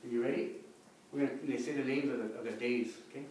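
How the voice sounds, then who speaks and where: A man's voice: medium pitch, fairly even intonation, fast, a little mellow. A man giving a folksy talk, leading the audience in call-and-response chanting. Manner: folksy, repeats "you know", leads the audience in call-and-response. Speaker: speaker teaching Aztec calendar names. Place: record shop event space. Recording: echoey room recorded from a distance.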